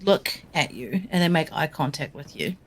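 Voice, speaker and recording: A woman's voice: sits low, expressive, moderate pace, breathy edge. A woman narrating as dungeon master in a tabletop game, chatty and loose, often laughing.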